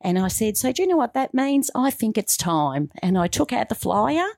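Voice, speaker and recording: This radio guest is a middle-aged woman whose voice sits on the high side with a creaky texture, moving at a normal speed. The studio recording is clean, with no room sound. Chatting casually with the host, she brings her story alive by performing the quoted voices herself.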